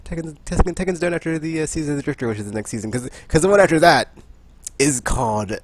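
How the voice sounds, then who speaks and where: A man co-hosting a casual gaming podcast, ranting in an animated way, laughing and acting out quotes. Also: a little high, quick pace, no echo. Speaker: podcast co-host.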